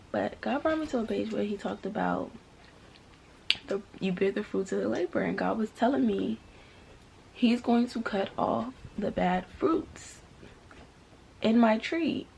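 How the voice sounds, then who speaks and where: Young woman, gravelly fry, casual vlog storytelling, animated, faint hiss. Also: medium pitch. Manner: animated, talks straight to viewers, faith-filled testimony. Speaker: vlogger.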